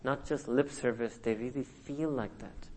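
A man's voice: mid-range voice, normal speed, darkish tone. A man giving a sermon as a religious teacher, repeating phrases rhetorically and checking in with a questioning "hmm?". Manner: quotes Arabic and Urdu phrases.

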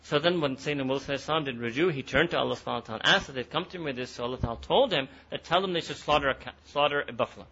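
A man's voice: medium pitch, very fast, hardly any pauses, pushed and bright, breathy edge, muffled recording. A man teaching a Quran lesson, retelling a story and repeating phrases for emphasis, with Arabic and Urdu words mixed in. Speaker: Islamic teacher.

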